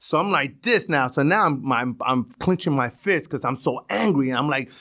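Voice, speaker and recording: A man's voice: medium pitch, animated, moderate pace, fairly bright tone. A middle-aged man, a retired police sergeant telling street stories in a casual, profane way, often restarting his words. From East New York, Brooklyn. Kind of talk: casual storytelling.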